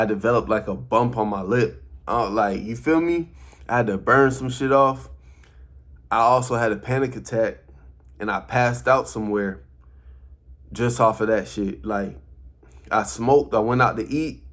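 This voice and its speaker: Man, early 30s, lowish voice, casual vlog talk, slangy and repetitive, checks in with the viewer a lot. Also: fairly bright tone. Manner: loose, repetitive, slangy, keeps asking "you feel me?". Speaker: vlogger.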